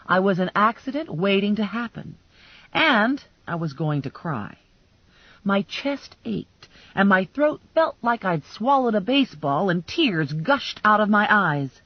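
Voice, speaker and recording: A woman narrates a first-person novel in a slow, husky voice with dry humor. Her pitch moves a lot as she reads, and the recording is dry and slightly muffled. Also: very animated, dry recording. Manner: measured storytelling, dry humor. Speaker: audiobook narrator.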